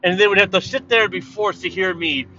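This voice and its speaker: A man from Canada, loud and profane, rambling through a casual monologue while driving. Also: high-pitched, fast. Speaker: vlogger. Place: driving in a car. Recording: dull lo-fi sound, car noise.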